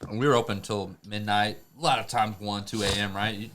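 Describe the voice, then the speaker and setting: A man's voice: fairly low pitch, steady tone, brisk, background noise. A man telling old tattoo shop stories in a casual chat, laid-back and profane, tossing in "right?" often. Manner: laid-back, profane, tosses in tag questions. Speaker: tattoo artist.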